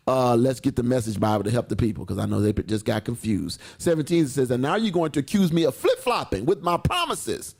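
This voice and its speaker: A man's voice: mid-range voice, big pitch swings, fast talker, gravelly, few pauses, a little mellow, slightly rough. A man hosting a faith radio show, chatting casually and reading Bible verses aloud with exclamations of praise. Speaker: radio show host and preacher.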